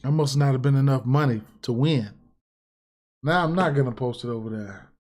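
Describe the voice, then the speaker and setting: A man's voice: medium pitch, normal speed, darkish tone. A man ranting casually and profanely on a livestream about sports bets, repeating himself and getting heated. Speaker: sports betting streamer.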